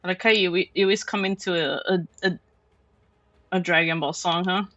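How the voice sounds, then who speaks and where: A man's voice: sits high, steady tone, a little fast, pushed and bright, dry recording, muffled recording. A male streamer chatting casually and playfully with viewers on a close microphone. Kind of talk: casual live-stream chat.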